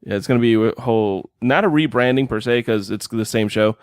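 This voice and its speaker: A man's voice: mid-range voice, a little fast, dry recording. Laid-back guy on a podcast, trips over his words a bit, dry close sound. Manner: relaxed, stumbles and restarts. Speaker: podcast co-host. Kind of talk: casual podcast banter.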